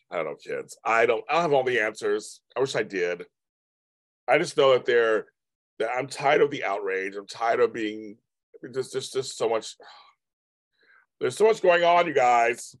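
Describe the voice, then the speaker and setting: A man's voice: medium pitch, no room sound. Guy rambling on his livestream, chatty and repetitive, talking to the chat, dry room, mid voice. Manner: rambling, repeats himself, chatty asides to viewers. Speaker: livestream host. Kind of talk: casual live-stream chat reading viewer comments.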